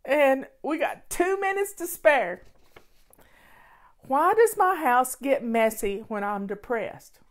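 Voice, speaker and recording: A woman's voice: high voice, expressive, slow. A woman hosting a casual question-and-answer show, giving affectionate, encouraging advice to her viewers.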